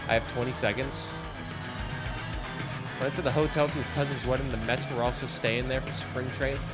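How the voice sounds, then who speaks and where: A man's voice: mid-range voice, steady tone, fairly quick. A young man from Canada chatting casually and joking while playing a game at home. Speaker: streamer. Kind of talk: casual gameplay commentary. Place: home, indoors. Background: game music.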